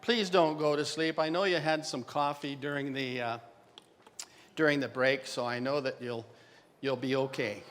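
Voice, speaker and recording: A man's voice: medium pitch, steady tone, normal speed, fairly bright tone. An older man from Canada giving a joking dental radiology lecture, wry and self-mocking, chatting with the audience. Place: large conference hall. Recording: reverberant conference hall.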